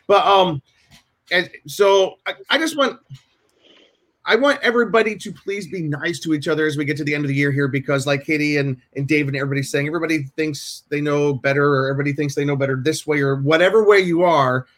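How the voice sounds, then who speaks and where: A man's voice: fairly high pitch, steady tone, fast talker, a bit bright. A man hosting a podcast over a video call, chatting casually and telling rambling stories with many restarts. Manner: rambling, self-interrupting storyteller. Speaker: podcast host. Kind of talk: casual chat. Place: home room with shelves.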